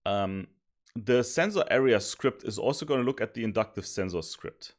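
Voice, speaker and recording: A man streaming while he codes, thinking aloud, mocking his own mistakes and sometimes yelling happily. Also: fairly low pitch, normal speed. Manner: thinks aloud, self-mocking, bursts of excited yelling and laughter. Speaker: streamer coding a simulation tool. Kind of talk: casual live coding commentary.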